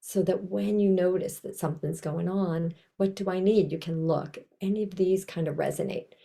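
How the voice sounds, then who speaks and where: A woman with a heavily gravelly, low and mellow voice gives a conversational trauma training talk over a video call. She speaks gently and reflectively, slipping into soft, kind self-talk asides. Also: steady tone, moderate pace.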